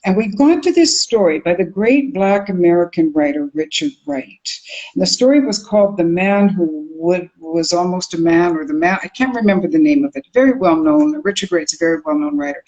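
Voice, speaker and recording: An older woman from Canada, a communication teacher, telling stories in an interview in an expressive way, sounding out rhythms as she goes. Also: on the low side, moderate pace, highs cut off. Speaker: accent coach and communication teacher. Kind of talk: animated interview storytelling.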